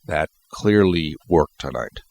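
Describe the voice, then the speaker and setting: A man's voice: very deep voice, animated, slow, darkish tone. A congested man rambling through a solo basketball post-game commentary, often restarting his sentences. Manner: rambling, repeats words and restarts.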